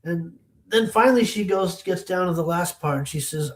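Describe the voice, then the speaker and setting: Man telling an emotional life story. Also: sits high. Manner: emotional, halting, repeats words as he restarts. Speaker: interview guest. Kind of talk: personal storytelling.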